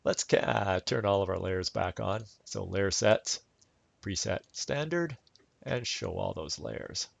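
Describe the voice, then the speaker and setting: Gravelly low-voiced man teaching software. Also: slow pace. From Canada. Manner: relaxed, chatty step-by-step explaining with fillers. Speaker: instructor. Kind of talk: screen-recorded software tutorial.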